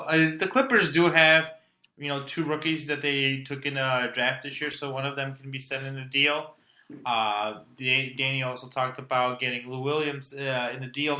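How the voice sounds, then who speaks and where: A man with a very bright, sharp voice co-hosts a sports podcast. He speaks hesitantly, weighing options out loud. The recording has a noticeably roomy echo. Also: mid-range voice. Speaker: podcast co-host. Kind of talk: casual sports debate.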